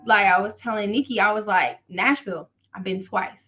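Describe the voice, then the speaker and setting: A woman's voice: mid-range voice, normal speed, a bit bright. A woman from the American South, a wrestler on a podcast, talking in a loose, slangy way. She laughs easily and keeps the chat playful. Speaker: guest wrestler.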